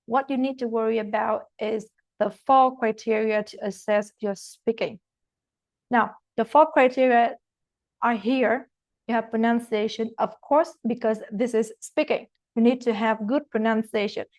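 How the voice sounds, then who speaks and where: A woman's voice: on the high side, fairly even intonation, a little slow, a little mellow, no room sound. A woman with a non-native English accent teaching an exam-prep masterclass, explaining step by step and checking in with "okay?". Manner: explanatory, frequent "okay?" check-ins and fillers. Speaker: IELTS teacher. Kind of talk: online masterclass lecture. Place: recorded online class.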